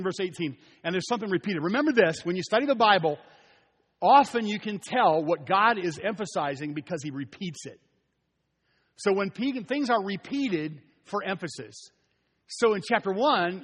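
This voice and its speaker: A man with a high voice preaches to his congregation, pressing his points by repeating them and asking questions aloud. His voice rings out with a long reverb in a large church hall. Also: a bit bright, breathy edge. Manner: emphatic, repeats key phrases, asks the congregation questions. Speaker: pastor. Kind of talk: sermon.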